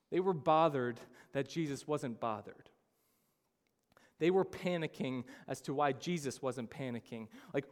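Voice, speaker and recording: A man's voice: fairly high pitch, unhurried. Man preaching in an echoing hall. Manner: earnest, dramatic reading of scripture, acts out the disciples' panic. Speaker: pastor. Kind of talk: sermon. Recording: long hall reverb.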